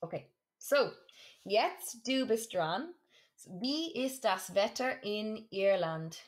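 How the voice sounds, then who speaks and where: A woman teaching a German lesson, saying words slowly and clearly and repeating them for practice. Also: mid-range voice, expressive. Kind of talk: classroom lesson for students.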